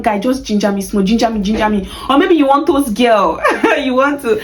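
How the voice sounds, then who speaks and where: A woman's voice: fairly high pitch, a little hiss or hum, low-quality recording. A young Nigerian woman giving a casual video lesson, chatty and laughing often, acting out sample phrases with playful emphasis. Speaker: language teacher.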